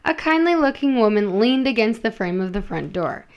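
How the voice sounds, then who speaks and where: A woman's voice: on the high side, lively intonation, moderate pace, darkish tone, clear, resonant tone, highs cut off. A woman hosting a podcast, reading a romance story aloud and stopping for self-deprecating asides about her pronunciation. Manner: self-deprecating, laughs at her own slips. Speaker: podcast host and reader.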